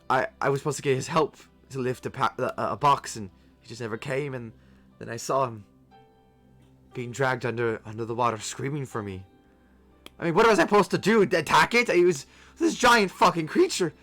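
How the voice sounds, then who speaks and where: A man's voice: medium pitch, fairly even intonation, normal speed, pauses often, fairly bright tone, soft background music, close to an everyday voice. A man doing a stammering, haunted old fisherman. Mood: rattled. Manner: stammering, rising to panicked outbursts. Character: shaken old male fisherman, haunted and jumpy.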